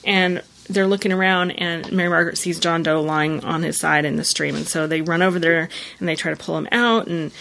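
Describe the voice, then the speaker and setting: A woman's voice: fairly low pitch, fairly even intonation, fairly quick, creaky, few pauses, fairly bright tone, a little hiss or hum. A woman hosting a show, casually recapping a TV episode scene by scene with many "you know" fillers.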